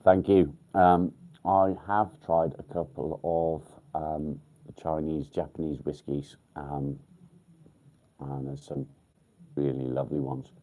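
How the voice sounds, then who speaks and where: Low-voiced sweary English man chatting live. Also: steady tone, takes it slowly, dark tone. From England. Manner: blunt, sweary, with many ums. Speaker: livestream host. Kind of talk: casual live chat with viewers. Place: outdoors by a field.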